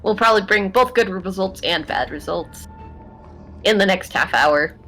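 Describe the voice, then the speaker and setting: A woman's voice: mid-range voice, moderate pace, bright, forceful tone, faint music behind, low-quality recording. A woman playing a tabletop game over a video call, hesitant and thinking aloud. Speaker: player.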